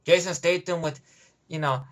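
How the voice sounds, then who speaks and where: A man's voice: on the high side, fairly even intonation, moderate pace. A man giving a rambling, profane movie review rant, heavy on emphatic opinions.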